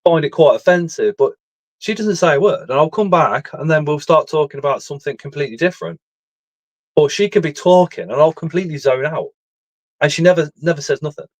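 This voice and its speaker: A man's voice: fairly high pitch, fairly quick, dry recording, rough recording. Blunt, swearing man, dry close sound. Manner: blunt, swears freely, rambling. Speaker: livestream speaker reading chat. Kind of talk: candid casual chat.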